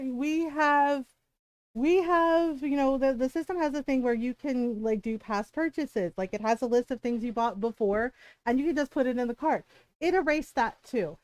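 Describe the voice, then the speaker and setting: A woman streaming a game from home, chatting casually in an animated storytelling manner and swearing freely. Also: sits high, no room sound. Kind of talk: casual chat while gaming.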